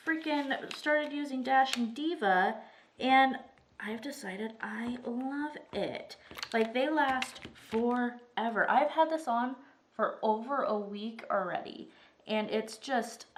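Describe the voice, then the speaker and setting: A woman's voice: fairly high pitch, a bit bright. Chatty woman rambling over her craft. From Arizona, US. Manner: chatty, rambling, says "like" often. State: recovering from strep throat, breathing heavy. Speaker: vlogger. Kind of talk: rambling casual chat while crafting.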